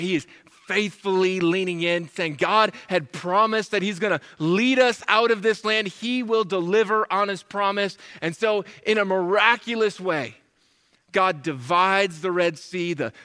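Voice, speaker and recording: High bright guy preaching, lively, does whiny voices, big hall echo. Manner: animated, acts out the Israelites' complaints in a whiny voice. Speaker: pastor. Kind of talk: sermon.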